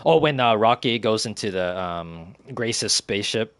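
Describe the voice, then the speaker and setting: Young guy streamer rambling, um-ing a lot, lowish voice, dry close sound. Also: lively intonation, fairly bright tone, no echo. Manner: rambling, halting, many fillers and restarts, giggly. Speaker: game streamer. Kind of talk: casual chat while streaming a game.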